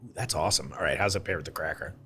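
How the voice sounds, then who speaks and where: A man's voice: low voice, a bit bright, a little hiss or hum. A man hosting a podcast, chatting casually in an enthusiastic, effusive way. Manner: enthusiastic, effusive, quick to laugh. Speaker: podcast host. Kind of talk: casual conversation.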